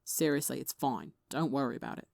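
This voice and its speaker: A woman's voice: low-pitched, brisk, no room sound, clean studio sound, close to an everyday voice. Woman doing a grumbling reluctant young healer. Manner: grumbling, sheepish.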